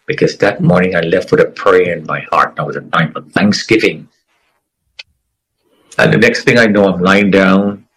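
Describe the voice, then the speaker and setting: A middle-aged man giving an earnest, emotional personal testimony as an interview guest, with dramatic pauses. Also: low-pitched, vocal fry, a bit bright, slightly rough, low-quality recording.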